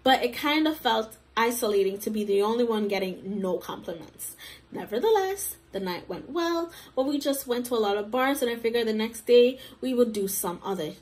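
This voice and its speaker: A woman hosting casual commentary on a story, chatty and animated, often laughing and acting out what her friends say. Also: on the high side, moderate pace. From Jamaican heritage. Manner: animated, laughing, acts out friends in quoted voices. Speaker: commentary host.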